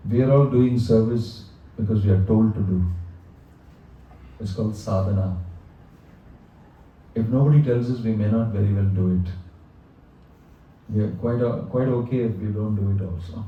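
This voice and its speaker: A man giving a devotional lecture, telling stories slowly and with emphasis. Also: on the low side, warm tone, slight background noise. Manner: slow, emphatic storytelling with quoted dialogue. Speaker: spiritual teacher. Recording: echoey hall, distant mic, faint ambience.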